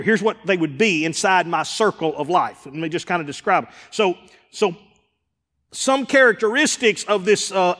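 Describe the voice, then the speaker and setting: A man preaching a sermon with a high-pitched voice, his words ringing through a long hall reverb. He slips into voices of the people he quotes, rising loud and then falling to a hush. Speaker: pastor. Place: church sanctuary.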